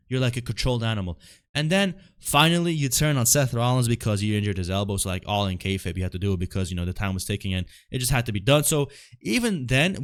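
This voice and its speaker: A man recapping a wrestling show in a casual, frustrated rant, full of fillers and rhetorical questions. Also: medium pitch.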